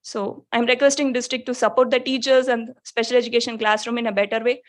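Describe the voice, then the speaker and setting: A woman's voice: a little high, level tone, fast. A woman, a parent, making an earnest public comment at a school board meeting, asking the district for support.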